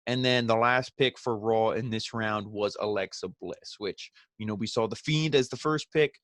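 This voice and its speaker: A man casually recapping a wrestling show, sarcastic and ranting, jumping into quick mocking impressions of the people he talks about. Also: on the low side, fairly bright tone, no echo. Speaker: wrestling review host.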